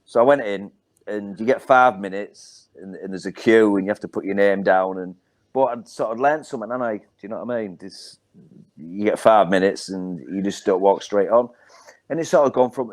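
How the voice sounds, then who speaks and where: Middle-aged Hull comedian telling stories. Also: male voice, fairly low pitch, darkish tone. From Hull, England. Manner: rambling anecdotes, wry, with many ums. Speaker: guest comedian. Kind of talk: casual storytelling.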